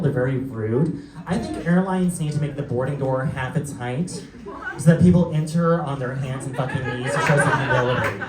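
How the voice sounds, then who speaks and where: A young man doing a live stand-up set, telling stories in a camp, sassy way with quick asides. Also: fairly high pitch. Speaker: stand-up comedian. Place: theater stage before a laughing crowd. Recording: roomy live theater sound, mic distant, crowd audible.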